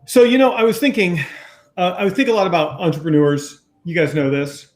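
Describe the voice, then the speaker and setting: A man's voice: high voice, expressive, brisk. Man host from new jersey, jokey and rambling, raised voice, echoey room. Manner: jokey and rambling, full of restarts and sound effects like "boop". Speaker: business coach hosting a training call. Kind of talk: casual group chat turning to a coaching talk. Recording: roomy echo.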